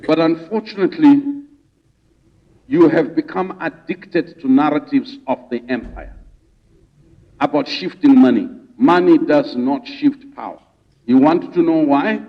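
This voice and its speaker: A rights advocate from Zimbabwe addresses a conference audience in a rousing public speech, firing off repeated rhetorical questions with preacher-like repetition. His voice is fairly high-pitched, a little slow, with frequent pauses, and the hall recording sounds distant and dull.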